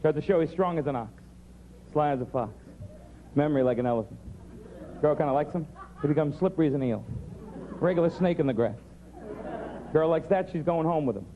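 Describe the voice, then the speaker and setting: Male stand-up, high mellow voice, simile-heavy bit on a dull old TV broadcast. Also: expressive, fairly quick, pauses often, some chatter behind, a little hiss or hum. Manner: rattles off a chain of animal similes. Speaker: stand-up comedian. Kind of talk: stand-up joke telling. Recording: dull 90s TV broadcast sound.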